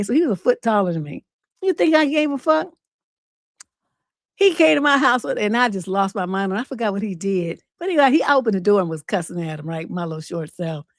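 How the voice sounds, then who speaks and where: High-voiced woman hosting an advice livestream, blunt and cussing, dry close sound. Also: no room sound. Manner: blunt, profane, animated storytelling. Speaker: relationship coach and livestream host.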